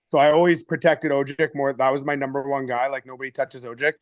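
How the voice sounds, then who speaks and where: A man's voice: mid-range voice, steady tone, quick pace, dry recording. A man, a former hockey player, telling profane fight stories in a casual podcast chat. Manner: profane, storytelling, laughs often.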